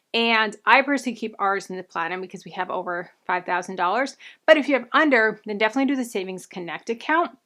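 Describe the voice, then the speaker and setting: A young woman chats through money-saving tips in a friendly, enthusiastic way. She sounds a little breathless, taking frequent breaths between phrases. Her voice sits at an ordinary middle pitch. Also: fairly bright tone. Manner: upbeat, friendly, enthusiastic recommendations. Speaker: personal finance vlogger. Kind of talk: casual advice talk to camera.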